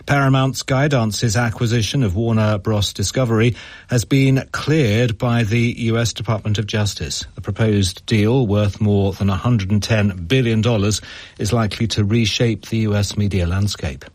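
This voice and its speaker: A male newsreader with a lowish voice gives a formal bulletin in an even, measured way. The booth sound is dry and close. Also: no echo. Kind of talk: news bulletin reading. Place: studio.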